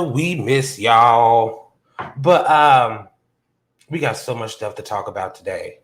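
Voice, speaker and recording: A man hosting a casual livestream chat, telling a story from work in an animated way and jumping high in pitch when he quotes himself. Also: slow pace. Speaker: podcast host. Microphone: phone on a hotspot.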